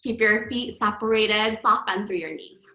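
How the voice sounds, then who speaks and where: Breathless yoga teacher, bright and roomy. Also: female voice, medium pitch, moderate pace. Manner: calm cueing, breath-paced instructions. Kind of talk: live online yoga class instruction. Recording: echoey room from far off.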